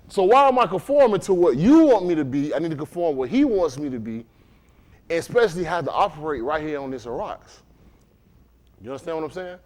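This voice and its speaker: Animated high-voiced preacher. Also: male voice, fairly quick, long pauses. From Dade County, Florida. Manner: conversational, animated preaching with frequent questions to the congregation. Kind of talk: sermon. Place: congregation room.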